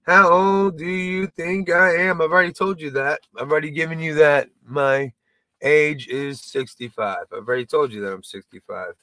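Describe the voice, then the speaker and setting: A man's voice: a little high, steady tone, normal speed, pushed and bright, dry recording. A man doing a casual stand-up monologue to camera, rambling and self-deprecating, swearing and stumbling over restarts. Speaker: comedian and video creator.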